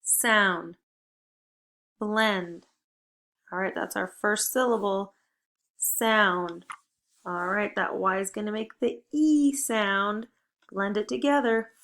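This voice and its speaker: Young woman teacher, phonics drill for kids, unhurried, upbeat and encouraging. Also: mid-range voice, fairly bright tone. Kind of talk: phonics lesson for young children.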